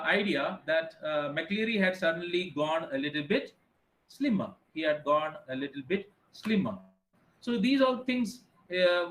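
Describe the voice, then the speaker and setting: A man's voice: high-pitched, a bit bright, echoey room, rough recording. A man teaching an online class, reading a story aloud and explaining it with frequent fillers. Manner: reads passages then explains with many fillers.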